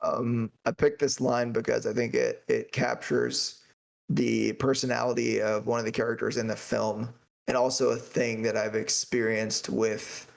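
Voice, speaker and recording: Gravelly laid-back podcast co-host. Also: male voice, medium pitch. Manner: hesitant, searching for words, laid-back. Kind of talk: casual chat.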